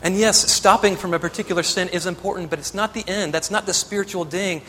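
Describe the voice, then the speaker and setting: A man's voice: high voice, fairly even intonation, quick pace, fairly bright tone, big-room sound, a little hiss or hum. A man preaching a sermon as pastor, earnest and building to emphatic exhortation.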